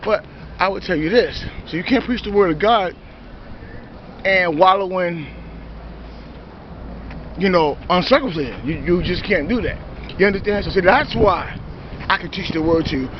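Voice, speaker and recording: High-voiced New man preaching. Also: moderate pace, long pauses, slight background noise. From New York. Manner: confrontational, repetitive, heavy on "you know" and "see". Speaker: self-styled preacher. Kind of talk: preachy monologue to viewers. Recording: dull lo-fi recording.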